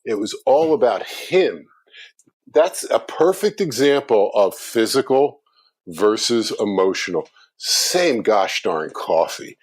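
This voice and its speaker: A middle-aged man, a guest on a business talk show, telling a story in conversation with animated delivery. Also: lowish voice, slow pace, breathy edge. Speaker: guest speaker on customer experience.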